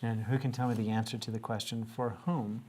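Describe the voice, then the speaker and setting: A man's voice: medium pitch, fairly even intonation, fairly quick, a little mellow, slight background noise. A man teaching a grammar lesson to young students, patiently asking questions and coaxing answers.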